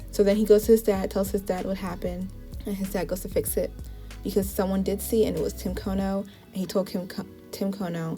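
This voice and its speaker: A woman's voice: mid-range voice, flat delivery, normal speed, dark tone, soft background music. A woman casually recapping the plot of a TV show in a chatty way, with frequent "like" asides. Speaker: TV show reviewer.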